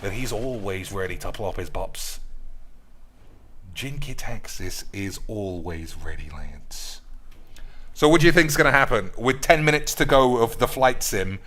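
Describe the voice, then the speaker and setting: Crude, excitable man. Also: fairly low pitch, unhurried. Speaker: streamer. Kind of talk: card game stream commentary.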